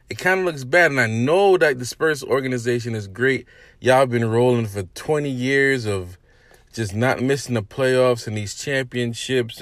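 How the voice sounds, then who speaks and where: A man hosting a casual sports podcast. He talks straight to his listeners in an animated, hyped-up way and calls people out. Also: mid-range voice, no echo, clean studio sound. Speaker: podcast host.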